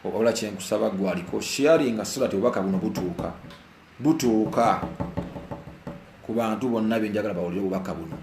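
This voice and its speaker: In an echoey indoor room, with rain falling outside, a Ugandan vlogger rattles off live commentary at a rapid-fire pace with hardly any pauses. His lowish, darkish voice carries real passion as he mixes Luganda and English and repeats himself. A little hiss or hum is audible.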